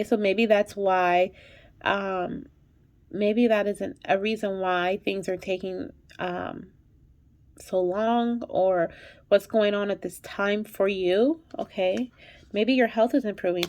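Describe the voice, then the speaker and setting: A woman hosting a spiritual fertility channel, reading angel messages in a monologue. She sounds emotional and near tears, repeats her affirmations and keeps asking "okay?". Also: mid-range voice. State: holding back tears. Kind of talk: intuitive card reading monologue.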